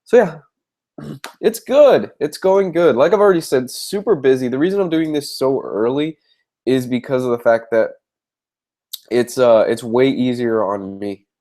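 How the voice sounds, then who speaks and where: A man's voice: mid-range voice, measured pace, dark tone. A young man with a congested, stuffed-up voice hosts a casual live stream. He chats loosely, backtracking and restarting his sentences as he answers viewers' questions. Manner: chatty, rambling with restarts. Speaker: comic book reviewer.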